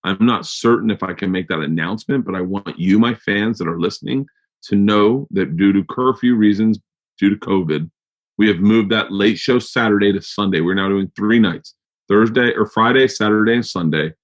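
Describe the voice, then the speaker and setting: A man's voice: fairly low pitch, normal speed. Tipsy, rambling podcast host man. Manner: loose, profane, self-mocking, rambling. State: tipsy from wine. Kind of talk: casual rambling podcast intro and ad read.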